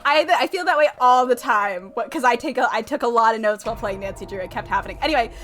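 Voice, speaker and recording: A young woman streaming a game, excitable and swearing, laughing and talking back at the characters. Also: a little high, fast talker. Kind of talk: casual let's-play commentary. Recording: faint game music underneath.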